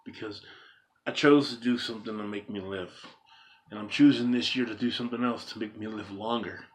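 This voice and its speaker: A man with a lowish voice addresses his audience directly, keeping a steady tone and a brisk pace. He's a vlogger giving an earnest monologue, insistent and repetitive, pressing his argument through rhetorical questions.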